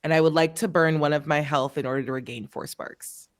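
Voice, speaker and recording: A woman player at a tabletop game, speaking in a fairly low voice. She jokes around and talks through her rolls in a casual, playful way. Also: fairly even intonation. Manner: playful, joking, quick to laugh.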